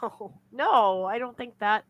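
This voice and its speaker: A woman's voice: on the high side, slow pace, no echo, dull audio. A woman co-hosting a casual podcast chat, blunt and indignant, swearing freely. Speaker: podcast co-host.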